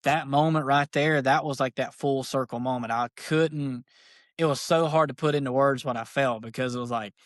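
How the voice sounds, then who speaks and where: A man, a podcast guest, tells a story in casual, excited, rambling speech, full of fillers like "dude". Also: mid-range voice, moderate pace, no echo, clean studio sound. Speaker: podcast guest, archery shop owner.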